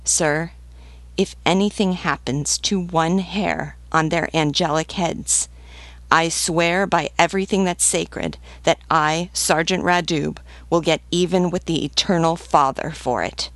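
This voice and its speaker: In an audiobook reading, a woman with a low-sitting voice speaks a little slowly as a blunt, devoted army sergeant. She's earnest, pleading, and fiercely protective. There's no room sound.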